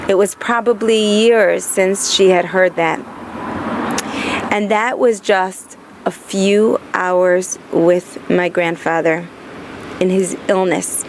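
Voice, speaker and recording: A woman telling heartfelt personal stories, earnest and emphatic, slowing down to linger on key phrases. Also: mid-range voice, slight background noise. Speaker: storyteller recounting memories of her grandfather.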